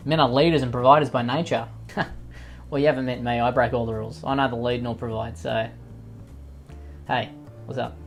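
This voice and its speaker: A sarcastic man delivers mocking comedy commentary, swearing freely between jokes. His pitch sits in the middle of the range. Faint music plays quietly behind him. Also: steady tone, brisk, vocal fry, pauses often. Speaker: commentary YouTuber.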